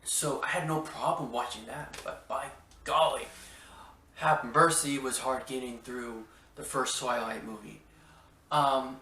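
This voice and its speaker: A man from Washington State talks through a casual podcast review at an unhurried pace, piling up exclamations and tripping over his restarts. His voice has a bright, forceful edge. He sits a little back from the mic in a roomy, echoing space. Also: medium pitch, steady tone. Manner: rambling, exclamatory, stammers on restarts. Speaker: podcast host. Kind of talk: casual movie review chat. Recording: roomy echo, mic at a distance.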